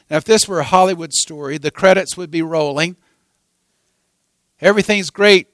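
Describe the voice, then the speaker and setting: A male preacher telling a sermon story, his voice sitting high for a man. He swings from hushed passages to loud, dramatic ones. The recording is dry and close, with no room sound. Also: normal speed, pauses often, no echo.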